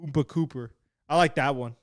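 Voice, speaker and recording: A young man casually commentating a live fight stream, excitable and swearing while he reads the chat. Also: on the high side, brisk, no echo, clean studio sound. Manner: excitable and laid-back, swearing, laughing at chat. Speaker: fight watch-along streamer.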